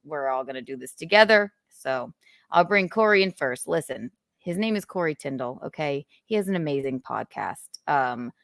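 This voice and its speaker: A woman hosting a casual chat show, talking in an animated, rambling, joking way. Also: deep voice, moderate pace, creaky, dry recording, studio quality. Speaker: livestream host.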